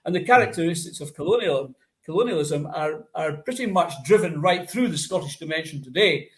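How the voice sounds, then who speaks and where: Earnest lecturing man, slightly high voice. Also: lively intonation, brisk. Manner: lecturing, earnest, repeats words. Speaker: guest academic. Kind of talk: political discussion.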